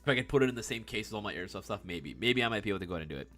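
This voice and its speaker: Man, 30s, casual streamer chat, easygoing, laughs a lot, soft music behind. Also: on the low side, animated, racing. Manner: laid-back, laughs often, swears casually, says "bro" and "dude". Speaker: airsoft streamer answering live chat.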